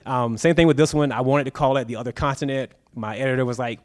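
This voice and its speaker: A man's voice: medium pitch, fast. A man, an author at a live bookstore event, telling anecdotes and acting out the quoted dialogue. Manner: lively storyteller, acts out quoted dialogue. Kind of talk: storytelling at a live book talk. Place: bookstore stage before an audience.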